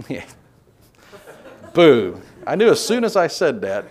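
A man teaching a conversational Bible class, relaxed and hesitant with many filler sounds, putting questions to the group. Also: on the high side, brisk. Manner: asks the group questions and reads scripture aloud.

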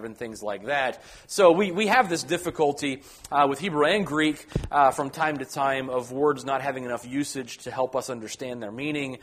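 A man leads a Bible study lecture at a mid-range pitch. He talks in a loose, conversational way, filling pauses with ums and uhs and often restarting his words. His tone is that of a teacher explaining a passage. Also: husky.

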